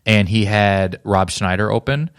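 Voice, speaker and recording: A man hosting a comedy podcast, telling a rambling funny anecdote with quick asides. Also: fairly low pitch, smooth. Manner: storytelling, quick asides and jokes. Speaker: podcast host. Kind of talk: casual comedic chat.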